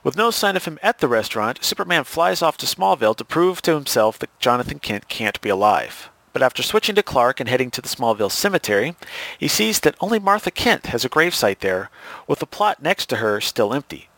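A man casually retelling a comic book story as a recap host, relaxed and stopping to fix his own slips. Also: medium pitch, brisk, no room sound. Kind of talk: casual plot recap narration.

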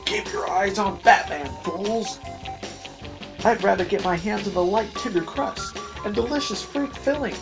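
A man voicing an excitable male pirate henchman who squeals with shrill excitement over fruit pies, in a comic-book ad read aloud. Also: unhurried, creaky, over music. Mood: excited.

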